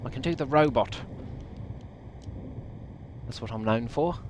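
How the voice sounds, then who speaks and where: A man's voice: mid-range voice, measured pace, a little hiss or hum, low-quality recording. A man, streaming a game and chatting casually with viewers in a rambling way, laughing often. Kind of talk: casual gaming livestream chat.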